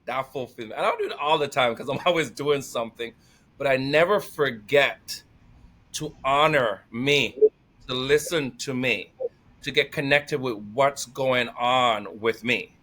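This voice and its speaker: A middle-aged man talking casually as a podcast guest, energetic and emotional, laughing often and near tears. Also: medium pitch, measured pace. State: tearful. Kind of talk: casual conversation.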